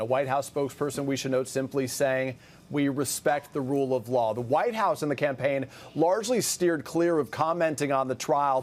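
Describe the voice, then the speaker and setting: A man reporting as a political correspondent on a news broadcast, crisp, slowing down to read quotes. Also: on the high side, slight background noise.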